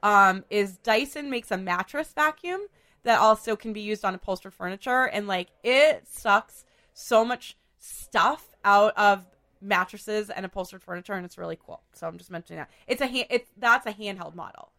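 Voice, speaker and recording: Hoarse chatty woman. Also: mid-range voice, normal speed, pushed and bright. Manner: chatty, filler-heavy, laughs often. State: hoarse from a cold. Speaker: podcast host. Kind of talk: casual chat.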